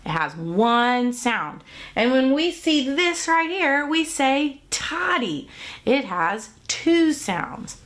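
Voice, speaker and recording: A woman's voice: high-pitched, big pitch swings, slow, fairly bright tone. A woman teaching an online kindergarten music class from a music room at home, talking to young children in a cheerful, sing-song way with simple songs and counting.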